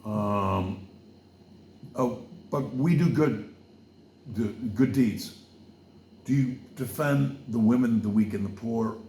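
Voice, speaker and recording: A man's voice: medium pitch, slow pace, pauses often, dark tone, echoey room, slight background noise. A man from Wales hosting a podcast, talking loosely and drifting from campaign plans into preaching, with lots of fillers and asides. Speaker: podcast host. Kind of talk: rambling casual monologue with preaching.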